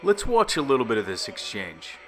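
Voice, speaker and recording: A man's voice: medium pitch, wildly swooping pitch, a little fast, a bit bright. A man narrating a scripted history video with sarcastic, jokey asides. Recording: voice-over with faint music.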